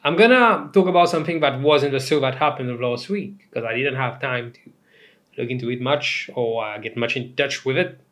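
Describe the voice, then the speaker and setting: A young man from Mauritius hosting a casual comedic commentary show, talking in an animated, rambling way with swearing and asides. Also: mid-range voice, moderate pace. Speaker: host.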